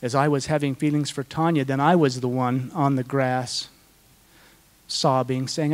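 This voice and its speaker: A man's voice: mid-range voice, level tone, measured pace. A middle-aged man answering audience questions at a conference, speaking in an earnest, heartfelt storytelling way with frequent restarts.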